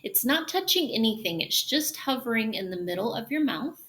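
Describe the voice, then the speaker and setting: A woman teaching English pronunciation, demonstrating sounds slowly and drawing out hushing noises. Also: fairly high pitch, sing-song. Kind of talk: pronunciation lesson.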